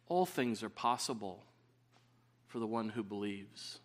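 A man's voice: lowish voice, lively intonation, measured pace. A man preaching a sermon, earnest and rising to emphatic stresses.

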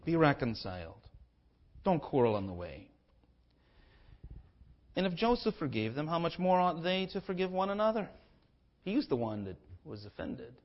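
A man preaching a sermon, his fairly high voice rising and falling with strong feeling. He slips into casual, conversational voices when acting out the people in his text. The recording sounds slightly muffled and lo-fi. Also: sing-song, fairly quick. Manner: impassioned preaching with wide swings in pitch and loudness; acts out biblical speakers in a conversational voice. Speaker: pastor.

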